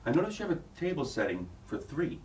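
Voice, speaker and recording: A man's voice: fairly high pitch, sing-song, fast talker, slight background noise. A man directing an audition, explaining a scene to an actress in a rambling way with many restarts. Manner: rambling, restarts, acts out lines. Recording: roomy, distant from the mic.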